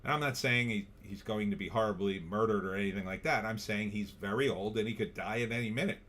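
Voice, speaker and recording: A man's voice: fairly low pitch, fast, fairly bright tone. A man hosting a political livestream, blunt and sarcastic, reading viewer comments aloud. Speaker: livestream host.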